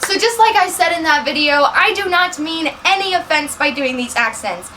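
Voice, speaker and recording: Bright-voiced young woman in put-on French accent. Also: very high-pitched, animated, slight background noise. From United States. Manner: rambling, fast, apologetic and self-conscious. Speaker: vlogger and actress. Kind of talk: unscripted casual chat to camera.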